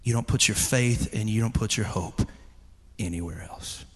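A man preaching a chapel sermon, telling a story with animated delivery and crying out a child's words. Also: lowish voice, normal speed. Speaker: pastor. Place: large chapel hall. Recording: echoey hall with long reverb.

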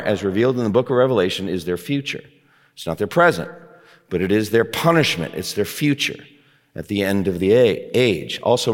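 A pastor preaching a sermon in a church, stressing his points and reading scripture passages aloud. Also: medium pitch. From United States. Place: church sanctuary. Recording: long reverb of a large hall.

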